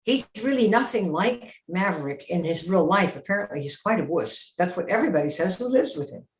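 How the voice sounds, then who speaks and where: A woman's voice: lowish voice, lively intonation, brisk. A woman hosting a live sales-coaching stream, talking emphatically, firing rhetorical questions and slipping into dramatic acted voices. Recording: roomy echo.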